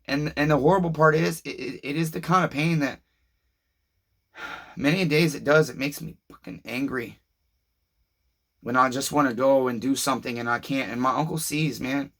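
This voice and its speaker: A man's voice: medium pitch, fairly even intonation, normal speed, pauses often, a bit bright. A man in pain, talking in a casual, confessional vlog, frustrated, profane and rambling. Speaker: vlogger.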